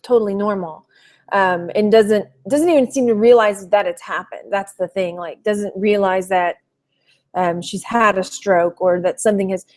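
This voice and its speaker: A woman from Texas chatting casually on a live stream, rambling through a personal story with lots of "you know" fillers and pausing to greet viewers by name. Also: mid-range voice, darkish tone. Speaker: thrift reseller vlogger.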